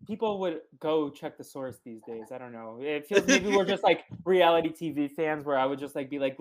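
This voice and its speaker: A man's voice: on the high side, fairly quick, few pauses. A man who is a guest on a podcast, chatting casually and recapping a movie plot with many fillers. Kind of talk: casual chat.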